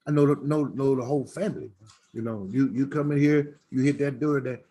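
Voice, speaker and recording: A man's voice: medium pitch, a little fast, mellow, slight background noise. A middle-aged man, a smokehouse owner telling folksy stories in a preacherly way. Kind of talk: storytelling chat.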